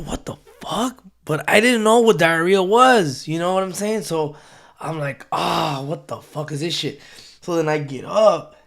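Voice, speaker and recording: A man's voice: a little high, fairly bright tone. A young man telling a rambling, profane story in a casual way, slipping into Spanish phrases.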